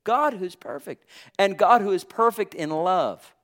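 Animated, higher-voiced male preacher. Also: unhurried. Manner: impassioned, conversational preaching with exclamations. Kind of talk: sermon.

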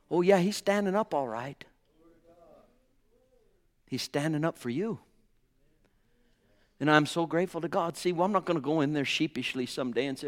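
A man preaching a sermon with fervor, swinging between hushed tones and ringing exclamations and calling his listeners brothers and sisters. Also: fairly high pitch, lively intonation, normal speed, long pauses. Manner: addresses the congregation as brothers and sisters.

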